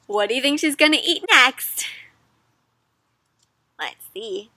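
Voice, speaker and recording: A young woman reads a picture book aloud to children in a high, bright voice, taking her time over each page. She is animated and teacherly, pausing often to ask little questions, and the recording is close and dry. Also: no room sound. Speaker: children's read-aloud host. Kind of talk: interactive children's read-aloud.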